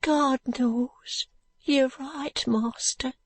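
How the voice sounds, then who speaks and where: Woman doing a high, sorrowful brickmaker's wife. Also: fairly even intonation, extremely slow, no echo, heavily acted. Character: poor weary brickmaker's wife, grieving. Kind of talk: audiobook narration.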